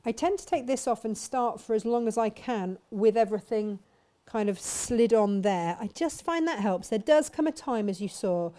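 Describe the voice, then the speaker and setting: A woman's voice: fairly high pitch, normal speed, mellow. A woman chatting casually as she demonstrates sewing and answers viewers' questions. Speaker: sewing teacher and shop host.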